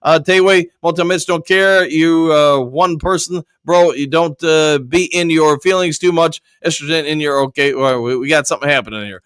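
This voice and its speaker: A man's voice: on the high side, normal speed, hardly any pauses, fairly bright tone, clean tone, no room sound. A man hosting a live sports fan stream, reading viewer comments aloud and answering them in a loose, filler-heavy way, with some audible lip smacking. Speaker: host reading viewer chat. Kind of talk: casual live-stream chat.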